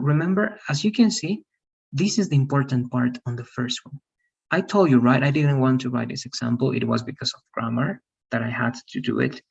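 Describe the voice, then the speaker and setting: A man's voice: mid-range voice, a little fast, vocal fry, husky. A man teaching an English grammar class, explaining step by step and often checking with "okay?" and "right?". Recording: dull lo-fi audio.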